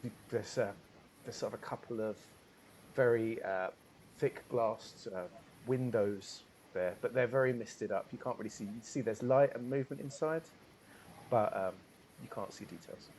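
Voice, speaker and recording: A man narrating a tabletop game as game master, describing scenes slowly with many fillers. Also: medium pitch, a little mellow, a little hiss or hum.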